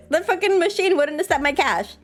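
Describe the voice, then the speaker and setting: A woman streamer chatting casually and fast, swearing a lot and answering her chat. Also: extremely high pitch, animated.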